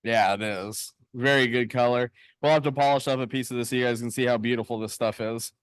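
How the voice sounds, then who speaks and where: A man's voice: mid-range voice, steady tone, a little fast, clear, resonant tone, dry recording. A man co-hosting a casual live stream from a lapidary shop, upbeat and chatty as he answers viewers. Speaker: co-host of a live rock-cutting stream.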